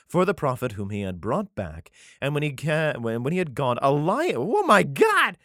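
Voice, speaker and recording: Man, irreverent scripture reading, cursing asides, animated pitch, dry sound. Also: no echo. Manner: irreverent, profane asides, frequent laughs. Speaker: reader. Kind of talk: scripture reading with comic commentary.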